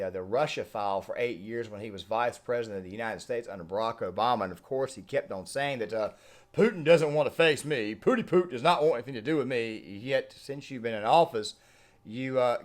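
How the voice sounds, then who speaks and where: A man hosting an online video, giving heated, opinionated commentary on sports and politics. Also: medium pitch. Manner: ranting, emphatic.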